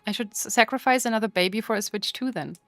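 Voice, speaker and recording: A woman's voice: on the high side, quick pace, fairly bright tone, dry recording, soft background music. A woman streamer chatting casually with her live chat while playing, playful and full of mock outrage.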